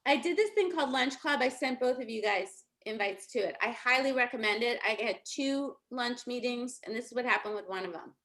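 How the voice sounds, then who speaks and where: A woman's voice: fairly high pitch, animated, fairly quick, hardly any pauses, fairly bright tone. A middle-aged woman, giving a casual motivational talk as a coach and telling stories with lots of laughter. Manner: chatty, laughing storytelling.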